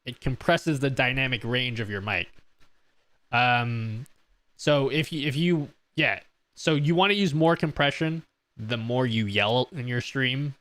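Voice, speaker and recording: A man's voice: mid-range voice, measured pace, a bit bright, no echo. A man live-streaming a casual question-and-answer session, joking, laughing and reading his chat aloud from a close desk mic. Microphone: close desk mic on an audio mixer.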